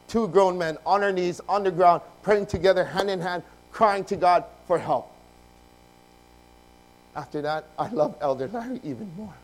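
Animated storytelling male preacher, higher voice. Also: poor audio. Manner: animated, swings from loud outbursts to hushed confession; acts out dialogue in the story. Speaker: pastor. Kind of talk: sermon with personal storytelling.

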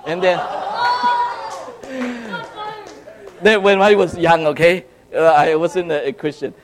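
A man from China preaching to young people, telling a personal story with animated swings between hushed and loud, often checking in with "right?" and "okay?". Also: a little high, low-quality recording. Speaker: youth speaker.

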